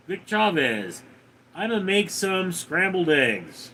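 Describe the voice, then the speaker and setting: Guy on a livestream reading chat out loud, slow and deadpan, voice jumps up and down a lot, bit of hiss behind him. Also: on the high side. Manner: dry, deadpan replies to viewer comments. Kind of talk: casual chat reading comments aloud.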